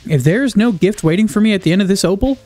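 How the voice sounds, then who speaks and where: A man's voice: high-pitched, lively intonation, quick pace, darkish tone, faint music behind. A young man giving casual let's-play commentary, rambling, sarcastic and swearing, often cutting himself off mid-sentence. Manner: rambling, self-interrupting, swears a lot, sarcastic. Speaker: gaming video creator.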